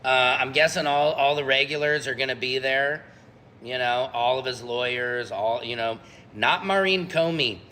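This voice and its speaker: A man delivering a casual news-style update in a bright, edgy tone. He hesitates often and wanders into unsure asides. Faint noise sits behind his voice. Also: medium pitch, fairly even intonation, moderate pace. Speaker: co-host segment as AI version of host.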